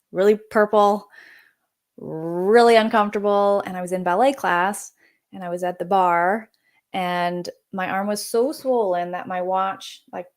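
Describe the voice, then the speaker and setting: Woman in her forties telling a lively story. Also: medium pitch. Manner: lively, conversational, acts out quoted people. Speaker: podcast guest, naturopathic doctor. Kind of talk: personal storytelling in a podcast interview.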